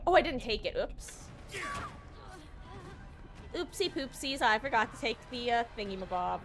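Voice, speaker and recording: A woman's voice: on the high side, expressive, fairly quick, a bit bright, soft background music. A young woman streaming a game, sleep-deprived and yawning, chatting in a rambling, giggly, self-deprecating way. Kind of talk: casual gaming stream chat.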